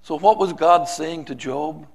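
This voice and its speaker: A man preaching a sermon, reciting a poem with dramatic swings from loud pleading to hushed softness. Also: fairly high pitch, unhurried, creaky.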